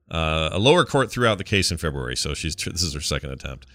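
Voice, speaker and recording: A man's voice: extremely low pitch, very animated, fast, a bit bright, no echo. A man co-hosting a casual morning show, reading odd news stories aloud and adding wry side comments. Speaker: podcast co-host.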